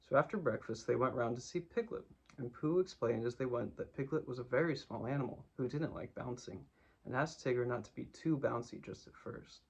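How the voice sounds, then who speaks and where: A man narrates a children's book in a calm, steady storytelling voice. His tone is husky with plenty of gravel. The recording is dull and lo-fi, pitched in an ordinary middle range. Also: brisk. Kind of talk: reading a children's book aloud.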